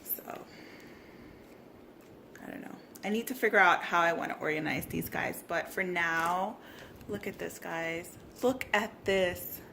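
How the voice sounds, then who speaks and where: A woman vlogging a casual craft tutorial, gushing and bubbly, at times dropping to soft whispers. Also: on the low side, unhurried, gravelly, a little hiss or hum.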